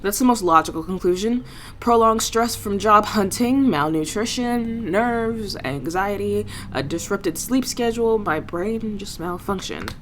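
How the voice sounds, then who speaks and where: A woman's voice: medium pitch, lively intonation, measured pace, fairly bright tone, slight background noise. A woman reading a visual novel aloud, voicing the heroine's thoughts and adding wry, self-mocking asides. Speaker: game streamer.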